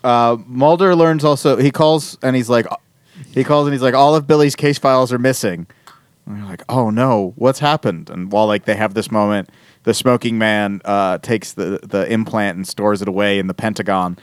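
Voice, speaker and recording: Man, podcast co-host, casual rambling recap, swears freely, smooth clear voice, dry close sound. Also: fairly low pitch, normal speed, no room sound. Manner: rambling, profane, acts out characters' lines. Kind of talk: casual chat recapping a TV episode.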